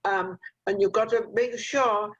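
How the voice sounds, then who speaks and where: An older woman host is talking over a video call, and her audio comes through a little muffled. She is chatty and motherly as she hands out advice, with frequent "um"s. Her voice sits at an ordinary middle pitch. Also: fairly even intonation, measured pace, husky. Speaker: talk show host.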